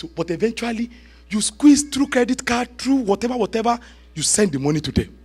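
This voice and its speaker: Husky, high-voiced Nigerian preacher. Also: male voice. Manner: animated preaching with laughter and shouted prayer. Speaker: guest pastor. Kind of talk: sermon. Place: church.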